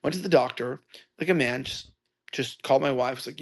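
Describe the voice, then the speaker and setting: A man telling a long rambling story in a loud, ranting way. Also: mid-range voice, a little fast, heavy background noise. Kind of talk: ranting monologue.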